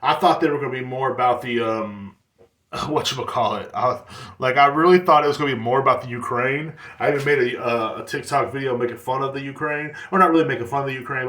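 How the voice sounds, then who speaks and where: A man's voice: medium pitch, a bit bright. A man hosting his own podcast, ranting casually with lots of swearing and "like" fillers. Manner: profane, rambling, heavy on "like" fillers. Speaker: podcast host. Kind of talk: casual solo podcast rant. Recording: echoey room.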